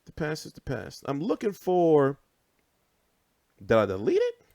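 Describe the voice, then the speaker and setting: During a casual livestream, a young man in his 20s hosting a boxing show curses openly and tells stories with animation. His fairly high voice is creaky and unhurried.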